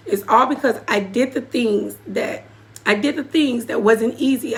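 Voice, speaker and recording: Emphatic woman preacher with gravelly edge. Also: a little high, fairly bright tone. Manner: emphatic, repeats phrases for weight; preacherly, speaks directly to the audience. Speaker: apostle and community leader. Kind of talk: emotional personal testimony to live viewers.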